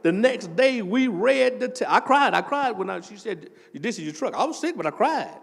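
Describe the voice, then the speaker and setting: Older preacher, high animated voice. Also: male voice, normal speed, gravelly, in a large hall. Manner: animated storytelling, swells into shouting. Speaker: associate pastor. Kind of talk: testimony sermon.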